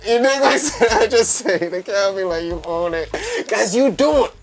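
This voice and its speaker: A man's voice: sits high, animated, moderate pace, gravelly, soft background music. A man, talking as a guest on a casual show, emphatic and repetitive, calling his host "B" over and over. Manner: emphatic, calls the host "B" again and again, repeats phrases. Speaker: guest fashion entrepreneur. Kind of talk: animated casual talk.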